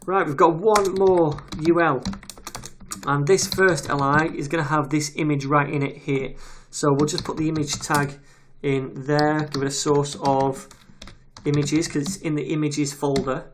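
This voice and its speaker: A man's voice: on the high side, level tone, unhurried, fairly bright tone. A man teaching a web development tutorial in a casual, chatty way, reading details aloud as he types. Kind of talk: screen-recorded coding tutorial. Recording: audible keyboard typing noise. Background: keyboard clicks and typing.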